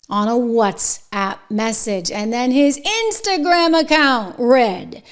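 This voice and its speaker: Middle-aged lady ranting on her commentary show, heated and sarcastic, drops to a whisper then jumps way up, voice on the high side. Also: very animated, a little slow, hardly any pauses, smooth. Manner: indignant, emphatic, sarcastic, swings between whispers and outbursts. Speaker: political commentary host. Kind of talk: impassioned political commentary.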